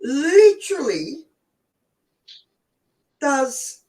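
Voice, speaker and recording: This Australian host in her forties speaks extremely slowly in a high, mellow voice with big pitch swings. She swears freely and laughs a lot while telling chatty stories on her live stream. The recording is low quality and made from a distance.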